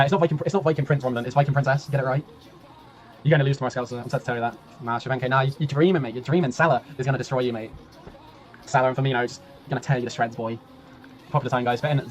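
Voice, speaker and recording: Fast-talking man casting a stream. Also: medium pitch. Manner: chatty, laughing, rambling, swears, reads chat aloud. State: voice tiring, clearing throat often. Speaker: game caster and streamer. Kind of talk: casual live-stream commentary.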